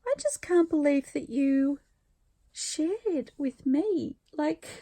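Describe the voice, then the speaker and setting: A woman's voice: high voice, lively intonation, slow. A middle-aged woman in a casual craft vlog, gushing and teary as she opens viewer mail. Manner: emotional, gushing, soft-spoken with laughs and sighs. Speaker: craft vlogger.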